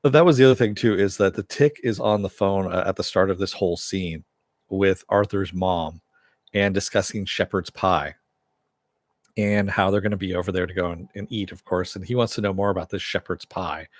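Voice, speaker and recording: A man recapping a TV episode in a relaxed way, chuckling often and using many fillers. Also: low voice, moderate pace, dry recording. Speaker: TV episode reviewer.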